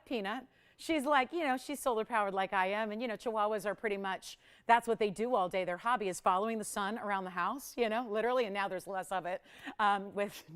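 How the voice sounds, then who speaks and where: A woman's voice: medium pitch, clean tone. A woman hosting a live jewelry shopping show from a studio, chatting upbeat and laughing often as she sells. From Los Angeles area resident. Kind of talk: live on-air sales chat. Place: television studio.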